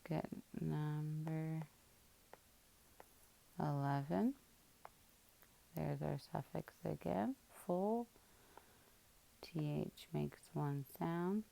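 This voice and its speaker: A woman teacher walks through spelling words at a very slow, deliberate pace. Her voice is low, dark and heavily gravelly. She sounds out each word piece by piece with patient care. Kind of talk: spelling lesson, reading out word parts.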